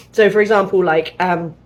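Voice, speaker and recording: A woman's voice: fairly low pitch, dull audio. A woman from England chatting casually, with frequent ums and laughs. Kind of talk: casual chat.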